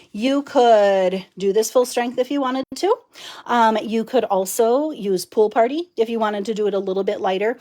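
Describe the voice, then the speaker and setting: A woman's voice: a little high, a little mellow. A middle-aged woman giving a chatty live card-making demonstration, talking to viewers while she works and laughing often. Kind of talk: live stream craft demo.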